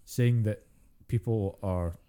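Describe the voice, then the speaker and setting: A man's voice: on the low side, slow pace, mellow, clear, resonant tone. A man with a Scottish accent co-hosting a podcast, giving blunt opinions in casual chat and swearing now and then. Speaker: podcast co-host.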